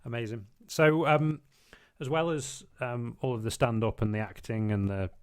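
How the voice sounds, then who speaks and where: A man's voice: medium pitch, steady tone, moderate pace, clear, resonant tone, no room sound. A man hosting a podcast interview, asking questions politely with hesitant fillers. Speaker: podcast host.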